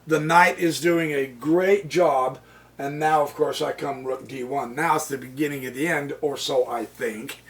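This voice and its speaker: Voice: mid-range voice, measured pace, far from the mic. A chess channel host giving casual commentary on their own game, chuckling often and exclaiming with delight at the opponent's moves.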